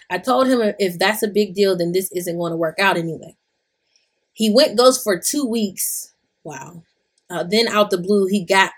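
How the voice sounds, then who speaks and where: A woman's voice: mid-range voice, husky. A young woman hosting a podcast, reading a listener's story aloud and reacting bluntly, swearing freely. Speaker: podcast host. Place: lives in Atlanta.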